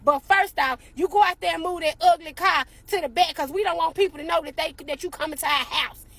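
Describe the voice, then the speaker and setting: A woman telling a comic family story in an animated, exasperated way, acting out the quotes. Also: very high-pitched, brisk, no room sound.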